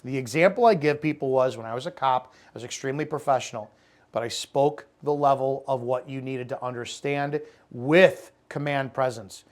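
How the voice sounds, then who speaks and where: A man's voice: mid-range voice, normal speed. A middle-aged man coaching network marketers on cold calling, blunt and profane, acting out sales calls in character. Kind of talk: unscripted motivational talk.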